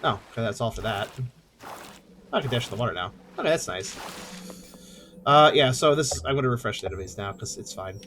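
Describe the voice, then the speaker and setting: A man's voice: medium pitch, lively intonation, fairly quick, long pauses, background noise. A man streaming a game, chatting casually and thinking aloud while he plays. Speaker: let's play streamer. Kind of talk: casual gameplay chat.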